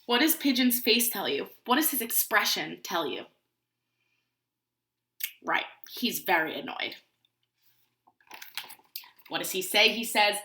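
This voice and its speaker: A woman pre-K teacher reading a picture book aloud to young children, in an animated way and often asking them questions. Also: mid-range voice, slow pace, long pauses, reverberant.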